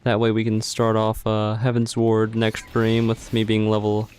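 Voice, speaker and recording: A sleepy man with a lowish voice talks under his breath while he plays, muttering play-by-play that trails off mid-thought. Faint game music runs behind him. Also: monotone, normal speed, a little mellow. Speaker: streamer. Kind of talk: casual gaming livestream commentary.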